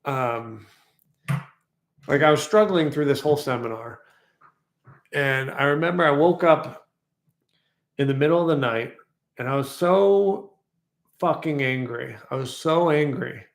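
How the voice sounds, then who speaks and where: A man telling a personal story in a casual vlog, reflective and rambling, slowly repeating affirmations. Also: a little high, echoey room. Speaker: vlogger.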